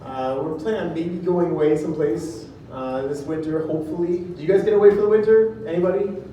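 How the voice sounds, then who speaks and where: A man doing a stand-up comedy set, rambling and self-deprecating, with filler pauses. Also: on the high side, warm tone, very echoey, distant mic, dull audio, a little hiss or hum.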